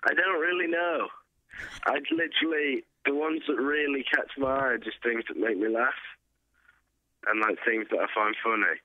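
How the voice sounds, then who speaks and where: A man's voice: mid-range voice, moderate pace, no room sound, narrow, tinny audio. A young man being interviewed as a guest musician, answering in an easygoing, hesitant way with many fillers. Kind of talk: casual interview.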